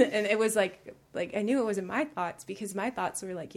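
A woman's voice: medium pitch, fairly quick, few pauses, a little mellow, soft background music. A woman guest on a podcast sharing her personal faith testimony, rambling with many fillers and restarts, emotional and laughing through near tears.

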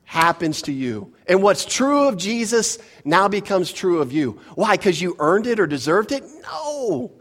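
Man preaching an expository sermon. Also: high voice. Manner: emphatic, rhetorical questions, drops to soft asides. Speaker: pastor.

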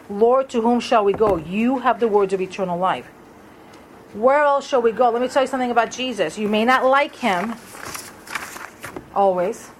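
A woman's voice: on the high side, a little hiss or hum, rough recording. A woman leading a Bible study in a conversational way, asking the group questions as she reads through verses. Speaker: Bible teacher.

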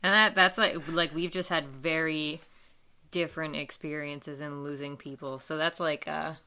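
Bright-voiced reflective woman. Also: deep voice, fairly even intonation, normal speed, clear, resonant tone. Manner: soft, reflective, lots of filler words. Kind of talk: casual chat.

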